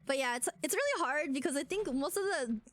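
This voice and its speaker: A young adult woman streaming as a VTuber, chatting casually in an animated way with lots of fillers. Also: high voice, a little fast, a little hiss or hum. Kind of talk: casual live-stream rant.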